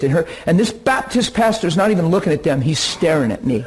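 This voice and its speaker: A man preaching, telling a story from his ministry in an animated way with bursts of excitement. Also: high voice, brisk, few pauses, breathy edge, rough recording. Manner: animated, laughs and bursts into excitement while recounting. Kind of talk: sermon storytelling.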